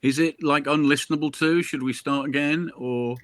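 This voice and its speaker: A man's voice: fairly high pitch, fairly even intonation, moderate pace, no echo. A man, a crime novelist, chatting casually on a video call, jokey and full of anecdotes. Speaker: crime novelist discussing his book.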